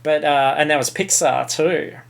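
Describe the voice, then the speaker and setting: An Australian man with a gravelly, creaky voice, talking through a film review in a loose, casual podcast chat. He is blunt and opinionated, and he swears freely as he makes his points. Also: on the high side, moderate pace. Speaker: podcast co-host.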